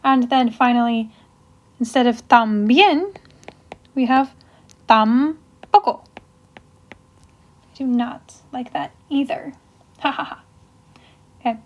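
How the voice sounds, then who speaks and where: Here a young female language teacher talks through grammar casually in class, step by step, using example sentences and frequent ums. Her fairly high voice moves slowly with many pauses, captured in lo-fi sound.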